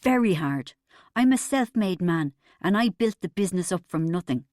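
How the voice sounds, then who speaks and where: A woman's voice: fairly low pitch, lively intonation, moderate pace, darkish tone, no echo, studio quality, lightly acted. A woman voicing a bitter, boastful middle-aged husband in an audiobook, pompous and aggrieved. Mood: indignant.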